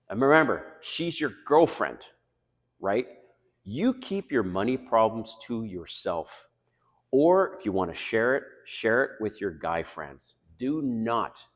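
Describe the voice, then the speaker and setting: A middle-aged man talks straight into the camera in a blunt, confessional way, pushing hard on some phrases and dropping to near whispers on others. His voice sits very low, and a long reverb trails behind it in the room. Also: animated, a little slow. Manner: blunt, confessional, swings between loud emphasis and quiet asides. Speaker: dating advice vlogger. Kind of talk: casual monologue to camera.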